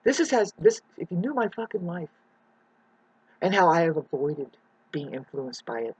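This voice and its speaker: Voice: mid-range voice, very animated, moderate pace, darkish tone, husky, dry recording, highs cut off. A vlogger in a rural mountain home, delivering a rambling, profane, preachy rant to the camera.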